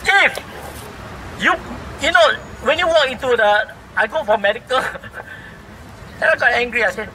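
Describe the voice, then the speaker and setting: A man's voice: extremely high pitch, expressive, measured pace, pauses often, bright, forceful tone, slight background noise, low-quality recording. A middle-aged man with a Singaporean English accent giving a fiery, rhetorical speech that scolds the government, recorded outdoors in a city. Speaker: speaker at a public rally. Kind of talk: impassioned public speech.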